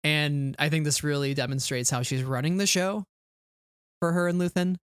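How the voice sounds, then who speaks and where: A man's voice: fairly high pitch, steady tone, normal speed, clear, resonant tone, dry recording, studio quality. A man co-hosting a podcast in casual chat, thoughtful and earnest, sometimes hesitating over his words. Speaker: podcast co-host.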